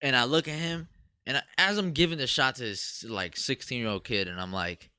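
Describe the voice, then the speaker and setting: A man's voice: medium pitch, brisk, bright, forceful tone, clean tone, no echo. A young man from Cuba co-hosting a podcast, telling loose, profane stories in casual chat. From Cuban. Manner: loose, profane storytelling with laughs. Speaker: podcast co-host.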